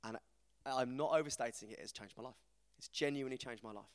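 A man, giving an informal, self-deprecating talk to a church group, animated as he tells stories. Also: mid-range voice, quick pace. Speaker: preacher. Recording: reverberant hall.

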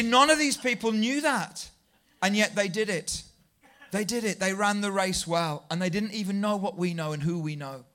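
A man preaching a sermon, telling stories in a lively, self-deprecating way and building to near shouts. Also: high-pitched. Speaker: pastor.

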